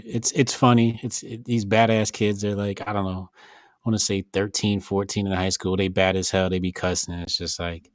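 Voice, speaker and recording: A man hosting a podcast in casual chat, speaking with blunt, animated, slangy banter. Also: low voice, no echo. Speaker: podcast host.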